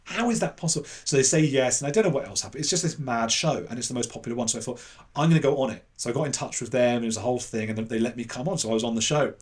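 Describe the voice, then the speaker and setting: English man, casual interview talk, animated storytelling, voices other people. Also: medium pitch, racing, few pauses. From England. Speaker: podcast guest.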